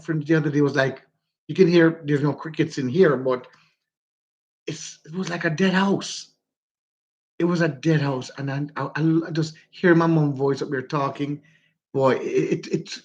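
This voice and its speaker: A man with a Jamaican accent, hosting a casual livestream and warmly greeting his viewers by name. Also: fairly high pitch, dull audio. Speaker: livestream host.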